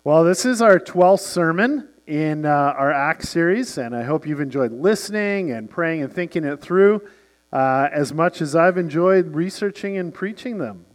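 Man in his 40s, pastor, sermon, storytelling, slightly high voice, faint hum. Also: lively intonation, unhurried. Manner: storytelling, acts out characters in the anecdote.

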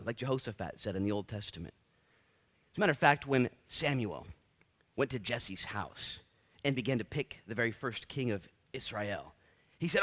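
A man preaching a sermon as pastor, animated and acting out the voices in his stories. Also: medium pitch, a little fast.

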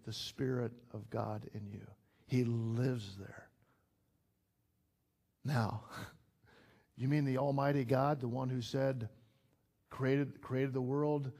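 A middle-aged man preaches to a small church gathering, talking plainly and warmly conversational before pressing his points with emphatic rises. His voice sits in an ordinary middle pitch for a man. He sounds like a pastor addressing his own congregation. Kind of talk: sermon.

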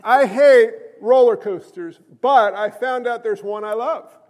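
A man preaching a sermon as pastor, an animated storyteller who jokes with the congregation. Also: extremely high pitch, measured pace, big-room sound.

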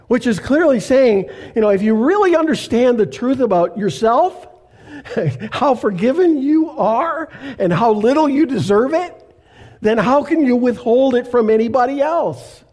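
High-voiced pastor preaching slowly. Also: male voice, darkish tone. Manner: earnest preaching, slows to stress scripture, asks the congregation questions. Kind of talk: sermon.

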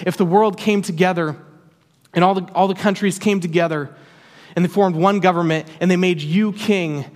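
A man preaching a sermon in an earnest, emphatic way, repeating key phrases for weight. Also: a little high. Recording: long hall reverb.

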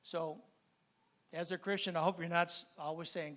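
A man preaching a sermon, talking easily with the congregation and building to loud, fervent preaching with repeated phrases. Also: high voice, fairly even intonation, a little fast. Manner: repetitive listing cadence.

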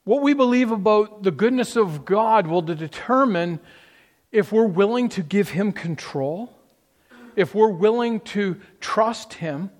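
A man's voice: high-pitched, lively intonation, a little slow, long reverb tail. A man preaching a conversational sermon, asking the listeners rhetorical questions and often restarting his sentences. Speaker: pastor.

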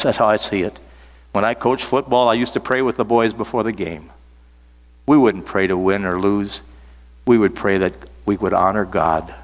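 An older male preacher delivers a sermon with a somewhat low voice, mixing folksy storytelling asides with earnest repetition of key phrases. His words ring out with a long reverb, as though filling a church sanctuary. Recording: reverberant hall sound.

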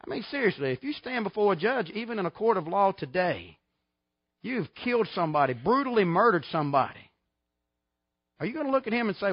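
A man's voice: high-pitched, sing-song, quick pace, no room sound, dull audio. Folksy preacher man, emphatic. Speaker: pastor. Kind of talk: sermon.

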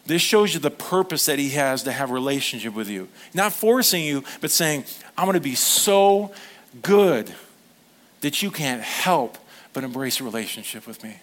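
A man preaching a sermon as pastor, earnest and animated, acting out little quoted voices and turning emotional in places. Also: mid-range voice, a little fast.

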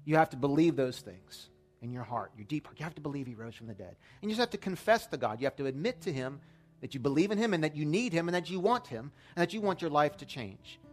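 A man's voice: fairly high pitch, lively intonation, fast, soft background music. A man preaching a sermon as pastor, telling stories in a casual, lightly humorous way. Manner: conversational storytelling with light humor.

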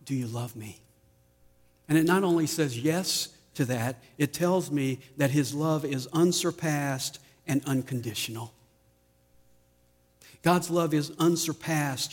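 A man preaches from the pulpit, taking his time over every phrase. His voice sits a little high for a man and often drops to a near hush at the end of a line. A long reverb trails behind him in the large sanctuary. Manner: slow, deliberate preaching with dramatic drops in volume. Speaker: pastor. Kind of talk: sermon.

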